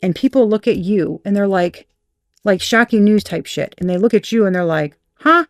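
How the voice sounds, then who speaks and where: A woman's voice: mid-range voice, moderate pace, dark tone, no room sound, studio quality. Laughing, candid woman reading tarot. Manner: candid, profane, laughing, acts out quoted voices. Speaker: tarot reader.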